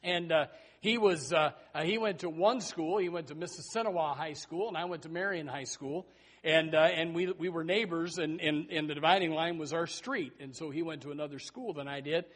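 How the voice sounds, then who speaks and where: A man's voice: fairly high pitch, a little fast. A middle-aged man preaching a sermon, telling a personal story in a rambling way with many restarts.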